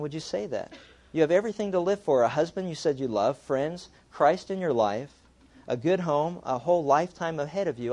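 A man's voice: medium pitch, darkish tone. A male pastor delivering a sermon in a loose, conversational way. He slips into acted voices to play out the people in his examples and in the story he reads. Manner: conversational preaching, acts out voices when reading a story aloud.

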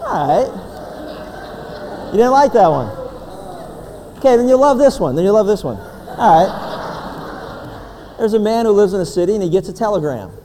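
Joking pastor guy preaching, mellow voice, big echoey church. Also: high voice, big pitch swings, moderate pace, long pauses, a little hiss or hum. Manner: folksy, joking, addresses the congregation directly. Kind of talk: sermon with jokes. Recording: long reverb of a large hall.

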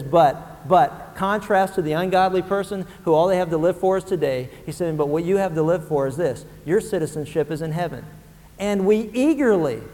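A pastor preaches with a high, light male voice that rises from hushed lines to shouted peaks. His sermon carries long reverb from a large hall, like a church sanctuary.

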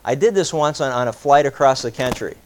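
A preacher telling an anecdote in a sermon, animated and voicing both sides of a conversation. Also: male voice, medium pitch, brisk, slight background noise. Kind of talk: sermon storytelling.

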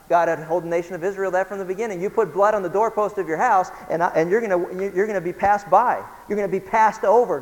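A man preaching a sermon as pastor, swinging between loud emphasis and hushed lines and asking his listeners questions. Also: high-pitched, in a large hall, low-quality recording. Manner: asks listeners questions, chuckles now and then.

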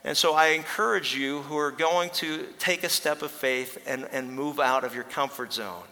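A man preaching a sermon as a pastor, earnest and pausing to slow down for emphasis, sometimes telling a story with lively voices. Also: medium pitch, slight background noise. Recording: long hall reverb.

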